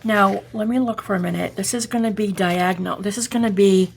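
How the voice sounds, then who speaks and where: A woman's voice: mid-range voice, steady tone, fairly quick, creaky, soft background music. A woman with a Boston accent hosting a casual crafting tutorial, chatty and rambling, correcting herself and checking that viewers are following along.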